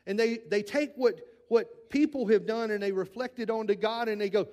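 A man preaching a sermon in an earnest style, moving between raised, urgent lines and hushed, quiet ones, and often repeating words when he presses a point. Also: high-pitched, moderate pace, few pauses. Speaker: pastor.

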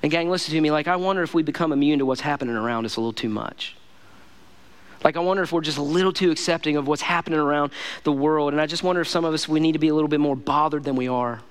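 A male pastor delivers a sermon in a casual, emphatic way, with lots of fillers and repeats. His voice sits high for a man. He talks quickly. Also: clear, resonant tone.

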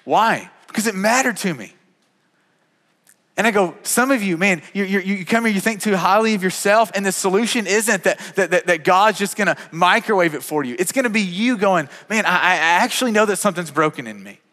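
Earnest pastor preaching in a hall. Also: male voice, high-pitched, normal speed, a bit bright. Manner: earnest, repeats words often. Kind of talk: sermon.

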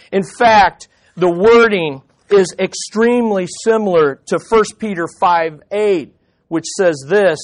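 High-voiced man preaching emphatically. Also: slow pace. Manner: emphatic, with rhetorical questions to the audience. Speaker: pastor. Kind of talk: sermon.

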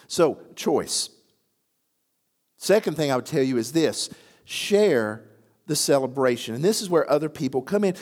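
A man preaching a sermon, moving from quiet reflection to emphatic, rising declarations. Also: fairly high pitch. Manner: animated, rising to emphatic near-shouts on key phrases. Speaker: pastor.

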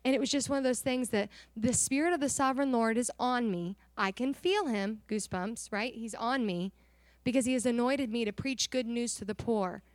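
A young woman shares a mission testimony with a church audience, earnest and animated, acting out the conversations as she goes. Her voice sits a little high. It is recorded close and dry. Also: moderate pace, no room sound. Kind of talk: emotional personal testimony to a congregation.

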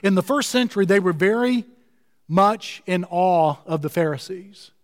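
A man preaches a sermon in a high voice, leaning hard on his key words and drawing them out slowly. His voice rings with the long reverb of a large hall. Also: lively intonation. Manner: emphatic, slows and stretches key words. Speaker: pastor.

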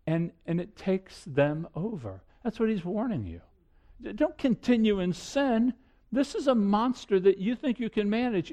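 A middle-aged man preaching a sermon, earnest, repeating himself and shifting suddenly between loud and hushed. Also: sits high. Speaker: pastor.

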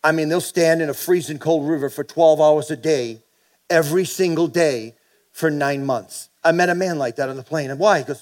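Pastor, middle-aged male, slightly high-pitched, sermon delivery with call-and-response and energetic peaks. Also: moderate pace. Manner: preaching with call-and-response, animated bursts.

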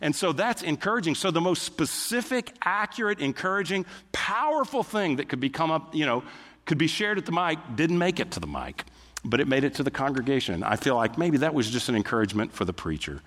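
A man's voice: a little high, big pitch swings, fairly quick, fairly bright tone. A middle-aged male pastor preaching a sermon in a church, in a conversational way, acting out little quotes as he goes. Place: church sanctuary. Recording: long hall reverb.

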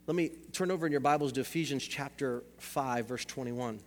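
A man's voice: mid-range voice, brisk, long reverb tail, slight background noise. A male pastor preaching a sermon in a church, asking rhetorical questions and repeating phrases for emphasis.

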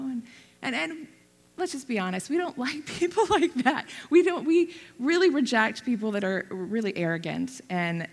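Woman preacher, 30s, gravelly and a bit high, candid and self-deprecating, lots of restarts, long hall reverb. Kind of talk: sermon.

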